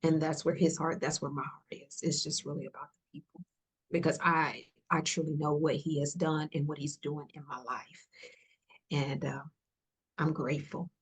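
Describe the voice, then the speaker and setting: A woman's voice: low voice, fairly even intonation, normal speed, husky. A woman guest on a podcast, speaking earnestly and emotionally, repeating herself and dropping into near-whispers as she encourages listeners. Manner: earnest, repetitive, softly emotional, drops to whispers. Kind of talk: heartfelt conversational encouragement.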